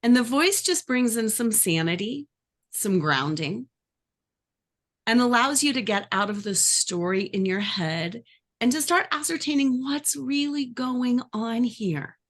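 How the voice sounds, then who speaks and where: A life coach teaching a workshop, lively and acting out the voices she describes. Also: a little high, unhurried. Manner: animated, acts out inner voices.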